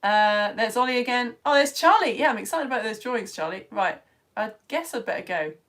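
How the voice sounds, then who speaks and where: A cheerful woman with a fairly high voice chats into her phone during a live stream for home-schooled children. She greets viewers by name, exclaims over their pictures and jokes as she scrolls through the comments. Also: expressive, a little fast, fairly bright tone. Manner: bubbly, chatty, exclaiming names. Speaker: children's science teacher.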